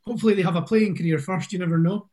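A man's voice: high-pitched, racing, dark tone. A man, an assistant football coach, guesting on a podcast with a laid-back, dry sense of humour. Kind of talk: casual interview chat.

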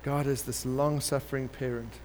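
A man preaching a sermon, telling a parable in an animated way and acting out the characters. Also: medium pitch, moderate pace. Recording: long hall reverb with faint background noise.

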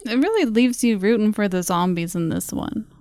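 A woman's voice: medium pitch, expressive, moderate pace, a little mellow, no room sound. A woman co-hosting a comedy podcast, riffing playfully in improvised banter into a close mic.

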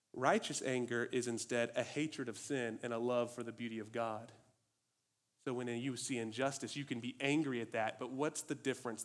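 A male preacher delivering a sermon with a slightly raised pitch. He speaks in an animated, emphatic way, pressing his points with rhetorical questions.

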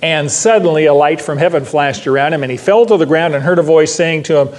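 Older male pastor, sermon, emphatic and repetitive, high voice with long room reverb. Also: fast talker. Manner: emphatic, repeats key phrases, asks the class questions. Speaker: pastor teaching a Bible class.

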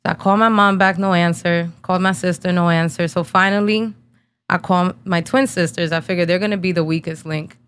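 A woman in her thirties, from New Jersey, tells a painful personal story on her podcast. Her voice sits a little low, and her telling is blunt and casual, full of slang and swearing. She is holding back tears as she talks. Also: fairly even intonation, brisk, a bit bright, clean tone. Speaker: podcast host.

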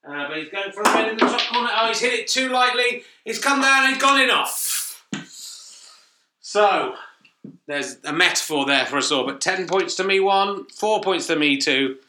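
Bright-voiced man doing jokey commentary. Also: high-pitched, lively intonation, moderate pace, slight background noise. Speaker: comedian doing mock commentary. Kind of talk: mock snooker commentary. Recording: echoey room, mic at a distance.

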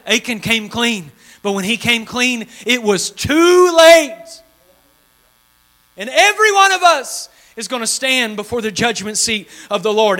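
A man preaching a sermon to his congregation, pleading fervently and swinging between loud cries and hushed, low passages in a folksy style. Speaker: pastor. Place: church sanctuary before a congregation.

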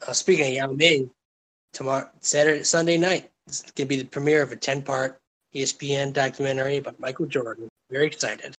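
A man's voice: medium pitch, fairly even intonation, fast, a bit bright. A man co-hosting a casual chat, talking in profane, emphatic rants. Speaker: podcast co-host.

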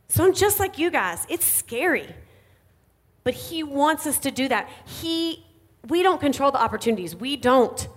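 Middle-aged woman co-preaching, fairly high voice, earnest and confessional. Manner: earnest, confessional, animated when quoting herself. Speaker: pastor's wife, co-speaker. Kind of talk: sermon.

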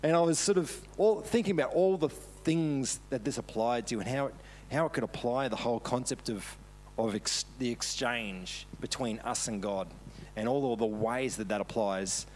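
A man's voice: medium pitch, normal speed, a little mellow, slight background noise. A man preaching a casual, storytelling sermon with self-deprecating humour, laughing often as he talks. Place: church service.

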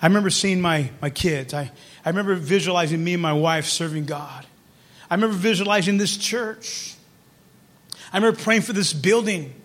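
High-voiced male pastor preaching. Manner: rises from low storytelling to loud fervent preaching. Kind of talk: sermon.

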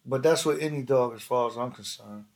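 A man's voice: mid-range voice, fairly quick. A man telling stories in casual, slangy, profane chat as a podcast host, acting out other people's lines.

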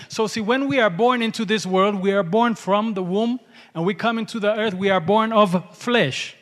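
A man's voice: high voice, normal speed, fairly bright tone, big-room sound. A man preaching a sermon, emphatic, calling out hallelujah and asking the congregation to respond.

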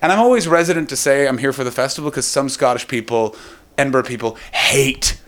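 A man's voice: medium pitch, brisk. Man doing rambling stand-up. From Canada. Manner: rambling, animated, bursts of acted quotes. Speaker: stand-up comedian. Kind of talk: stand-up storytelling.

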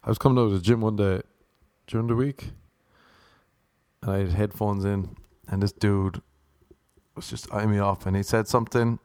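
A man's voice: lowish voice, fairly even intonation, normal speed, long pauses, darkish tone, no room sound. An Irish man rambling through a comic monologue, self-mocking and full of rhetorical questions. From Ireland. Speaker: vlogger.

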